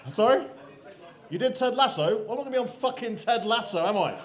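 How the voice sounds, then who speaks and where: A man's voice: very high-pitched, expressive, a little fast. A man hosting a live comedy show, teasing the crowd with crude banter. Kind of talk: live stand-up compering. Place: comedy club stage. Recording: echoey club with loud crowd. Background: audience laughter and cheers.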